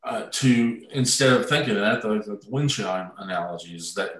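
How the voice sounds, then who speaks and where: Guest, man, lowish voice, reflective and searching, recorded far from the mic. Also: animated, moderate pace, a bit bright. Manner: thoughtful, searching for words, trails off. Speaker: guest musician. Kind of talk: reflective conversation. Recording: echoey room, distant mic.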